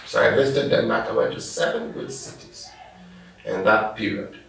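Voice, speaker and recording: A man's voice: fairly low pitch, normal speed, gravelly, fairly bright tone. A middle-aged man, a pastor telling stories and laughing as he answers interview questions. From Ghana. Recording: echoey room, distant mic.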